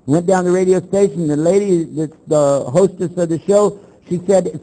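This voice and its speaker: A man's voice: high-pitched, normal speed, few pauses, low-quality recording. An older man from Texas, giving a blunt lecture on his faith, acting out both sides of the exchanges in his stories and firing rhetorical questions at the audience. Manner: animated storytelling, acts out both sides of the exchanges. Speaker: Muslim preacher.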